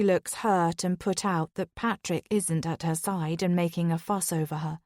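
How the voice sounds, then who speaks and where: Calm woman narrating a thriller audiobook. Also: fairly low pitch, moderate pace, few pauses, no room sound, studio quality. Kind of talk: first-person audiobook narration.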